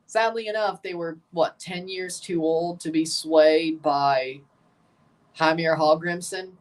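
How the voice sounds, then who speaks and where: A man hosting a livestream watchalong, giving excitable play-by-play of a soccer match between chatty replies to his viewers. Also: a little high, takes it slowly, distant mic. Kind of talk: casual watchalong commentary.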